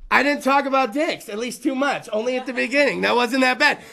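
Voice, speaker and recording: Male host, thirties, profane stand-up rant; bright, edgy timbre. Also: very high-pitched, fairly quick, creaky. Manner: crude, profane, rambling storyteller. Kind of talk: stand-up style rant to a live room. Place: room with small live audience.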